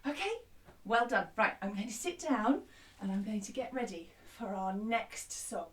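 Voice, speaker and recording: A woman's voice: medium pitch, animated, normal speed, far from the mic. A woman teaching a children's music lesson who sings an action song and cheerfully explains each step. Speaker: primary school music teacher.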